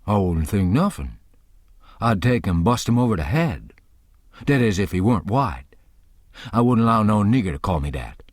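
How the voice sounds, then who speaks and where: A man doing a stubborn, slow-arguing rural man. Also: fairly low pitch, sing-song, dry recording, clean studio sound. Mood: indignant. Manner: slow, insistent arguing in thick folksy dialect. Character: stubborn, earnest grown man in rural dialect. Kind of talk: audiobook character voice.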